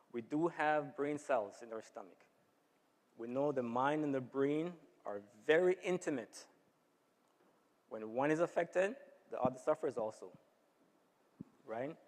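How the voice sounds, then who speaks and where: In a church hall, a man with a medium-pitched, darkish voice gives an informal health seminar to a church audience. He keeps checking in with listeners by asking "right?", and the sound has a long hall reverb.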